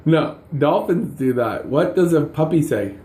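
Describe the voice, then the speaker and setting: A man's voice: fairly high pitch, animated, unhurried. A man playing animal-sound games with a toddler, asking sing-song questions and teasing her with a chuckle. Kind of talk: playful talk with a small child. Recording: echoey room with faint noise.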